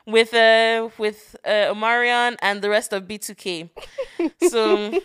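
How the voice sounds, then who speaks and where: Giggly young woman, smooth clear voice. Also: a little high, steady tone, slow, fairly bright tone. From Nigeria. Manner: giggly, playful, breaks into rap lyrics. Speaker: podcast co-host. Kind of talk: casual chat.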